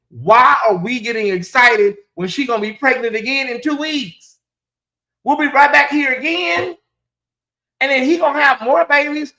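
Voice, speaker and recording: A woman's voice: medium pitch, a bit bright. A woman hosting a celebrity gossip show, talking straight to her viewers in a sassy, ranting way, rambling with fillers and cutting herself off. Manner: rambling with frequent fillers and self-interruptions.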